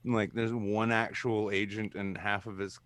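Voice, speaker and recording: A man in casual podcast chat, talking excitably and ranting with a lot of swearing. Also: on the low side, normal speed, dry recording.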